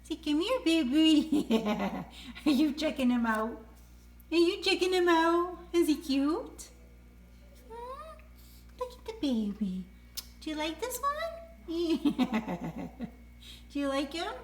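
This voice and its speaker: A woman's voice: sits high, very animated, slow pace, pauses often. A woman filming her parrot at home, talking to him in sing-song baby talk, cooing, gasping and laughing often. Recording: echoey room with faint noise.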